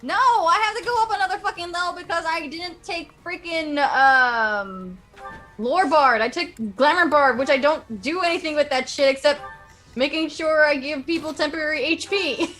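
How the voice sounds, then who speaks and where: Bright, high, joking woman. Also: moderate pace, soft background music. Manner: joking, swearing, playful banter. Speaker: friend in a gaming session. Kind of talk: casual chat.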